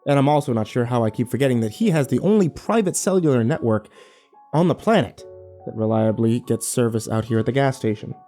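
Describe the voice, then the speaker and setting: Wry male horror narrator, animated delivery, lively pitch. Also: fairly quick, soft background music. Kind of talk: first-person horror story narration.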